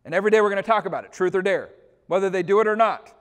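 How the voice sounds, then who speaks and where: A middle-aged man with a fairly high voice, telling a story to a room of teachers and acting out the scenes. The sound is a big school hall with a long reverb behind each sentence. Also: racing. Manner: animated storyteller, acts out scenes. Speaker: staff trainer.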